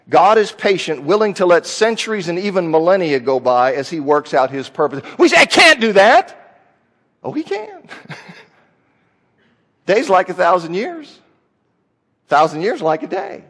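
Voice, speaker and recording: A male preacher teaching a Bible passage in a conversational sermon, repeating key phrases for emphasis. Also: sits high. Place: church sanctuary. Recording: long hall reverb.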